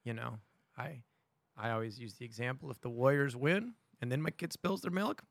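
A man's voice: mid-range voice, moderate pace, vocal fry, no room sound. A man hosting a casual conversation, asking probing questions with a wry touch.

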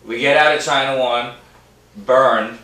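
Young male podcast co-host, crisp bright tone, profane teasing banter, heard from across an echoey room. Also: mid-range voice, fairly even intonation, measured pace, far from the mic. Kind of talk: casual chat. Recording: echoey room, away from the mic.

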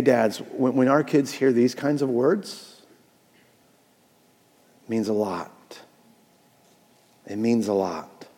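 A man preaching a Father's Day sermon as pastor, animated and jokey, swinging from loud to soft. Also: lowish voice, long reverb tail.

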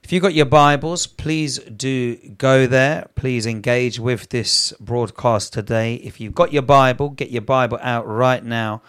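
Slow-speaking preacher man. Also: medium pitch, fairly even intonation, fairly bright tone, smooth. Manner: reads scripture aloud, grows emphatic, prays in tongues. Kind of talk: live Bible teaching broadcast.

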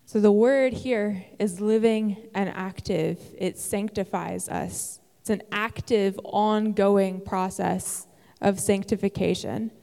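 A woman's voice: mid-range voice, fairly even intonation, slow, creaky, warm tone, big-room sound. A woman giving an earnest, encouraging sermon in a church, with occasional "um" fillers. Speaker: church speaker. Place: church sanctuary.

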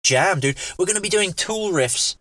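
A man's voice: sits high, animated, moderate pace, sharp tone. Laid-back, teasing man, casual chat. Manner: laid-back, teasing, swears and says dude. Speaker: podcast co-host.

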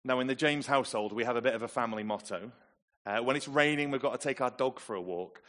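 A man from England preaching a sermon, telling the story with lively, dramatic emphasis. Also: mid-range voice, fast talker.

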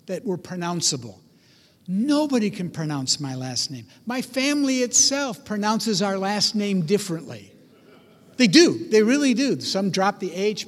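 A man preaching a sermon, telling stories with animated delivery and acting out voices. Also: high voice, big-room sound. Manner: animated storytelling, acts out voices. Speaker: pastor.

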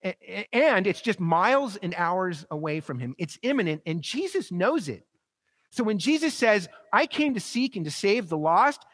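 A pastor preaching a sermon, building to emphatic peaks and dropping soft and low, with repeated rhetorical phrases. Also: male voice, no room sound.

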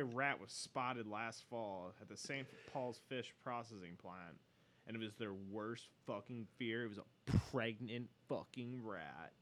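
A man's voice: on the low side, animated, unhurried, fairly bright tone, slight background noise. A man co-hosting a casual podcast, reading a news story aloud with profane, sardonic asides. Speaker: podcast co-host.

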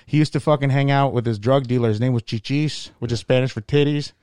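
Male comedian, mid-pitched, crude animated storyteller, dry close sound. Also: fast talker, clean tone, no room sound. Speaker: comedian podcast host. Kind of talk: casual storytelling chat.

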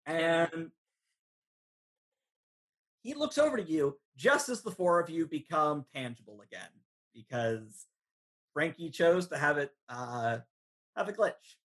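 A game master narrating a tabletop role-playing session in a relaxed way with frequent fillers. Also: medium pitch, slow, pauses often, husky.

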